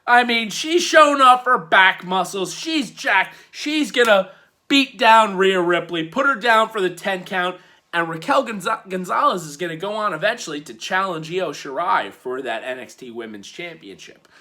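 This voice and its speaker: A man hosting a weekly wrestling review in casual commentary, swinging from loud hyped bursts to low muttered asides. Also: expressive, unhurried.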